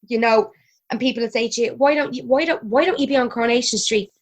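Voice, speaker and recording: An Irish woman in her thirties talks as a podcast guest in a quick, chatty flow. Her voice sits a touch higher than most women's. She laughs easily and swears in passing. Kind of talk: casual chat.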